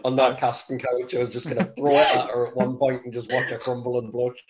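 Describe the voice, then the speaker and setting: A man's voice: medium pitch, little pitch movement, fast talker. Dry-joking man over crowd noise. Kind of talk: casual chat.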